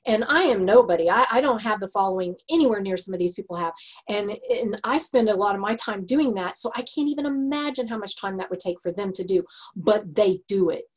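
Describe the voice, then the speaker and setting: A woman's voice: mid-range voice, expressive, fairly quick, slightly rough. A woman with a Texas accent hosting a podcast, talking earnestly in a casual chat. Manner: earnest and warm-hearted, frequent laughs and restarts. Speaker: podcast host.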